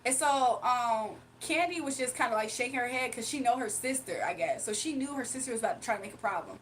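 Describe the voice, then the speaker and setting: Chatty high-voiced woman streamer. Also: fast, distant mic, slight background noise, low-quality recording. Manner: animated, chatty, with frequent laughs and asides. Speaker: livestreamer. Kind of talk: casual storytelling to a live chat.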